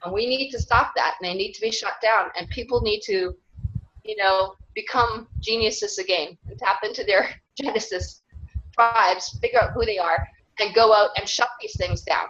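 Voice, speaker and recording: A woman in a casual interview who rambles earnestly from one thought to the next and laughs often between them. Her voice sits at an ordinary middle pitch. The recording is dull and lo-fi. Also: fairly bright tone. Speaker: interviewee, self-described clan mother. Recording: dull lo-fi sound.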